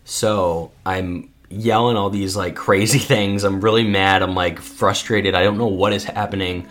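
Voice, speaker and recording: A man's voice: low voice, moderate pace. A man co-hosting a podcast, telling a story with lots of fillers and acting out what people said. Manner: animated storyteller acting out quotes, many fillers. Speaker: podcast co-host. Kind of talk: casual storytelling.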